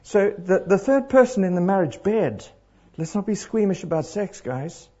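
A middle-aged man preaching to a congregation, animated and throwing questions out to the crowd. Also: high-pitched, moderate pace. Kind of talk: interactive sermon. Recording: dull lo-fi live recording.

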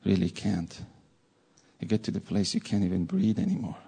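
Male preacher, earnest sermon delivery; dark, mellow tone with a husky grain. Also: fairly low pitch, very animated, moderate pace. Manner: earnest, repeats words for stress. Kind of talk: sermon with a personal story.

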